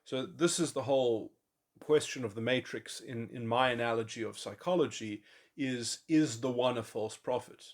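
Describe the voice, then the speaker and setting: A man thinking aloud in a long speculative monologue, halting often and restarting his sentences. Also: mid-range voice. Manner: musing, halting, with many restarts and fillers. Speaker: podcast host. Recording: voice memo.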